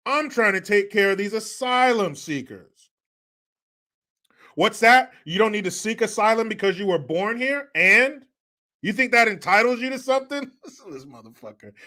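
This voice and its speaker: A man's voice: high voice, bright, forceful tone. A man hosting a live-stream commentary, ranting in a sarcastic, mocking and profane way. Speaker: livestream commentary host.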